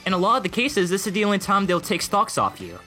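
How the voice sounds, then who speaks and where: Young man, deadpan and mocking, animated pitch, gaming commentary voice-over. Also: fast talker. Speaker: gaming video creator. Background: faint music.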